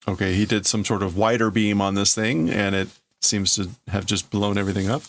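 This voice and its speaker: A man's voice: fairly low pitch, steady tone, brisk, hardly any pauses. A man hosting a live stream who reads and translates a comic while thinking aloud, with hesitant restarts. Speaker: livestream host. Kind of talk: casual live reading and translating.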